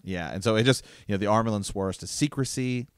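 A man with a very low voice talks through a fantasy book on a podcast, stopping and restarting as he reads passages aloud. The sound is dry and close, with no room echo. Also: smooth. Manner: halting, many fillers and restarts while reading. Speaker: podcast co-host. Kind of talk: casual book discussion, reading passages aloud.

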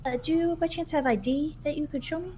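Woman, fairly high voice, role-play cop, patient and halting. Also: dark tone, slight background noise. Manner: patient questioning with many fillers. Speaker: police officer in role-play.

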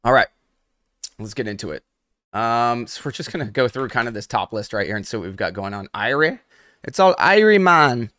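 A young adult man hosts a live trading stream with a somewhat low voice. He chats casually and addresses his viewers directly. The sound is close and dry. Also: fairly bright tone, no room sound. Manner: casual, chatty, talks straight to viewers in the chat. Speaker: host.

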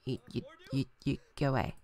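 A woman's voice: a bass voice, flat delivery, brisk, a little mellow, pitched below the performer's own voice. Woman doing a brash dismissive game mum. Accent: British. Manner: curt, brushing people off.

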